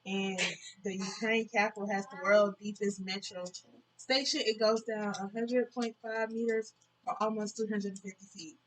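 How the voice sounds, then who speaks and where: A woman's voice: mid-range voice, little pitch movement, moderate pace, slight background noise, poor audio. A woman co-hosting a casual snack-tasting vlog, curious and asking questions, reading out fun facts.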